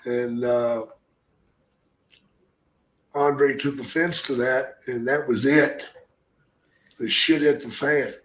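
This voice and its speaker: A man's voice: medium pitch, steady tone, slow, pauses often, a bit bright, roomy sound, poor audio. An older man and former wrestler hosting a podcast, telling blunt, profane stories in a casual way. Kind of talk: casual storytelling.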